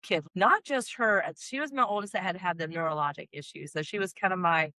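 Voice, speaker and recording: Woman doc in her 40s, lowish voice, chatty animated storyteller, dry close sound. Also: fairly quick, no room sound, low-quality recording. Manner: animated, exclamatory, acts out quoted dialogue. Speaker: doctor hosting an expert session. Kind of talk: casual conversational storytelling.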